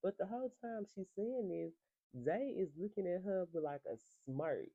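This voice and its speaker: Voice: medium pitch, lively intonation, moderate pace, mellow, no room sound, dull audio. A reality TV recapper in a casual, gossipy talk, profane and sassy and laughing often.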